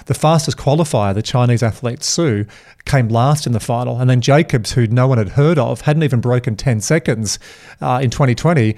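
Male podcast host, mid pitch, emphatic and quick in casual chat. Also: a little mellow.

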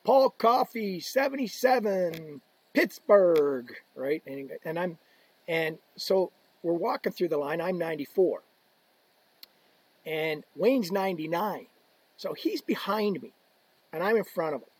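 A man telling a story on a podcast as a guest, animated, swearing often and acting out what people said. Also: fairly high pitch, a little slow, long pauses, slightly rough, no room sound, low-quality recording. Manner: animated, swearing, acts out quotes. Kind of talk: casual storytelling.

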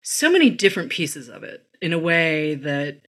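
A woman's voice: sits low, sing-song, normal speed, a bit bright. A woman from the Boston area, interviewing an author in an enthusiastic, chatty way. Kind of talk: casual interview talk.

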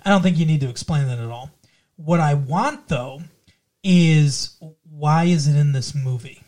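A man's voice: on the high side, unhurried, darkish tone. A man co-hosting a podcast in casual chat, rambling and teasing, full of trivia. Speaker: podcast co-host.

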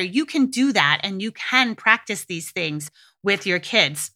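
A woman's voice: medium pitch, expressive, unhurried, bright, forceful tone. A middle-aged woman hosting a parenting podcast, talking candidly and swearing freely in a casual monologue.

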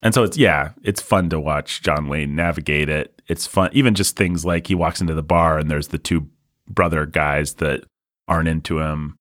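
A man co-hosting a casual film podcast, talking animatedly, laughing often and mocking things with quick put-on voices. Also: a bass voice, steady tone, a bit bright, no echo, studio quality. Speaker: podcast co-host.

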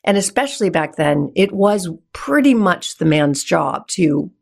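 A woman, a guest on a podcast, telling stories in an animated way, often laughing and acting out dialogue. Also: on the low side, a little slow, vocal fry. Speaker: podcast guest, real estate investor. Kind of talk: conversational storytelling.

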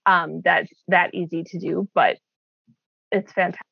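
A woman's voice: on the low side, steady tone, unhurried, gravelly, breathy edge, no room sound. A woman who founded a wellness program, talking earnestly and reflectively in a casual chat, with frequent fillers. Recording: slightly dull, lo-fi audio.

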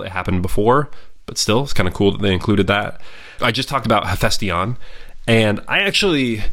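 A man's voice: on the low side, fairly bright tone. A man giving a casual, opinionated spoken review of a historical film, talking freely with frequent restarts and asides. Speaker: history commentator.

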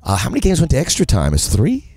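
A man co-hosting a casual sports podcast, jokey and animated, with quick asides. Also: medium pitch, creaky, breathy edge, no room sound. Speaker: podcast co-host.

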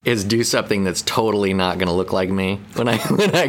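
A man's voice: on the low side, brisk, few pauses. A man co-hosting a podcast as a counselor, talking in a playful, rambling way with frequent laughs. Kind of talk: casual podcast chat.

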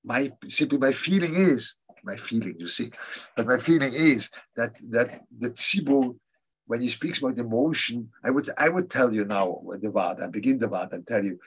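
A man teaching a religious class, answering students' questions in a halting, thoughtful way and repeating key phrases for emphasis. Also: mid-range voice, breathy edge.

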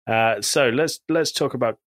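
A man's voice: mid-range voice, normal speed, a bit bright, no echo. A man co-hosting a podcast in casual chat, animatedly retelling TV scenes and quoting characters. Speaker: podcast co-host.

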